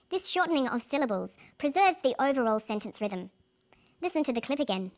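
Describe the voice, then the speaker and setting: A woman presenting an English pronunciation lesson in a clear, carefully paced scripted delivery. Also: a little high, very animated, normal speed, a bit bright.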